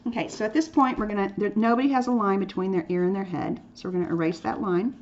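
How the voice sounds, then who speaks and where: A woman art teacher talks her class through a drawing demonstration in a chatty, playful way, now and then dropping to a whisper for an aside. Her voice sits at an ordinary middle pitch. The recording is dull and lo-fi, with a faint hiss of noise underneath. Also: fast.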